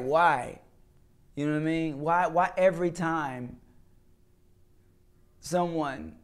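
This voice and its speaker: A man, a comedian and actor, talking as an interview guest in an emphatic, repetitive, preaching way, often asking "you know what I'm saying". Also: medium pitch. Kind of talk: casual interview talk, preaching tone.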